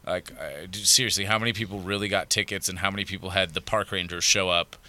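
Male podcast guest, lively anecdote teller, bright crisp voice. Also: sits low, fast talker. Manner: animated storyteller, acts out quotes. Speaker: podcast guest, adult film performer. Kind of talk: casual chat.

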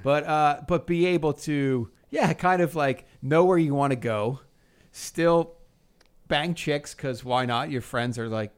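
Male co-host, somewhat high voice, jokey crude banter. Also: a little slow, clear, resonant tone. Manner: joking, crude, reactive banter. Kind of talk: casual podcast chat.

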